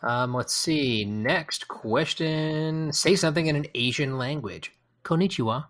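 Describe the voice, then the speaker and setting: A man hosting a podcast, reading out quick-fire questions and answering them himself, often hesitating and rambling with fillers. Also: on the high side, a bit bright. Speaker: podcast host.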